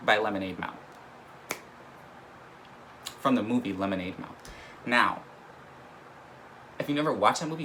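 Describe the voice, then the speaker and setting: A young man in the middle of a casual story, swearing freely and laughing between lines. His voice sits at an everyday middle pitch, and a steady hiss of background noise runs under the recording. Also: low-quality recording. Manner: animated, profane, laughs mid-story. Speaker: vlogger.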